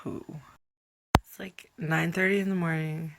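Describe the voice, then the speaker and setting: A woman's voice: low voice, steady tone, measured pace, gravelly, dry recording. A woman in her twenties chatting through a casual reaction vlog, dramatic and giggly, and tired. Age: 20s. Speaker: vlogger.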